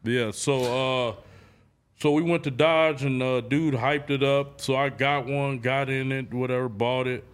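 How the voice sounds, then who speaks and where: A man in a casual interview, telling stories with animated, acted-out reactions and free swearing. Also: mid-range voice, a little slow, smooth. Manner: animated storytelling, acts out his own reactions in a raised voice, swears freely. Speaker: content creator guest.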